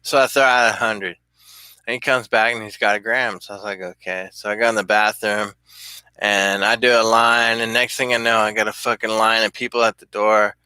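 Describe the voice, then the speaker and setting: A man's voice: fairly low pitch, level tone, moderate pace, sharp tone, clear, resonant tone, no room sound. A middle-aged man telling rambling, profane stories in a casual vlog and laughing often. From California. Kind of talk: casual storytelling.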